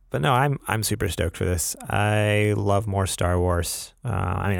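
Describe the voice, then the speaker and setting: A man's voice: low-pitched, vocal fry, dry recording, studio quality. A young man co-hosting a podcast in casual chat, rambling with lots of fillers. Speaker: podcast co-host.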